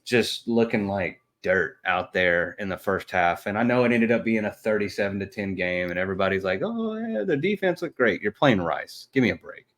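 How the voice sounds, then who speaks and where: A man's voice: low voice, steady tone, brisk, hardly any pauses, a bit bright. A man, co-hosting a casual sports podcast, blunt and trash-talking with lots of fillers. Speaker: podcast co-host.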